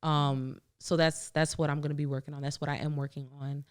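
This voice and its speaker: A young adult woman co-hosting a podcast, talking candidly in a casual chat, swearing freely and often laughing, and dropping to a low, hushed tone when she quotes her inner voice. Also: level tone, fairly quick, no echo, clean studio sound. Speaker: podcast co-host.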